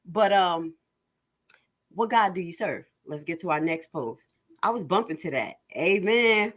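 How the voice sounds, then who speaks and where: A woman giving casual livestream commentary in an animated, joking and sassy way. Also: mid-range voice, brisk. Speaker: online commentator.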